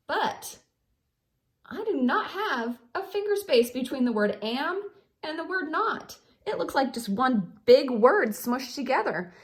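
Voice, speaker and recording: A woman teaching young children to write sentences, patient and sing-song, calling them friends. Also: fairly high pitch. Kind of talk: children's writing lesson.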